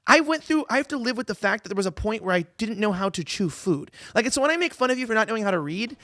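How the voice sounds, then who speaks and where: A young man with a high, quick voice talks over himself in a loose podcast chat, circling back with "like" and restarts. His delivery is casual and breathless, recorded close and dry with no room around it. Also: lively intonation, sharp tone, dry recording. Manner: rambling, lots of filler and restarts. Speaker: co-host.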